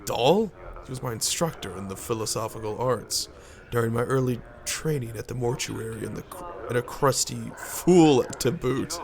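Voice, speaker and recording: A man's voice: medium pitch, animated, moderate pace, gravelly. A man reading aloud the lines of a blunt woman initiate in a game, with folksy turns of phrase. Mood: scornful. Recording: game music behind.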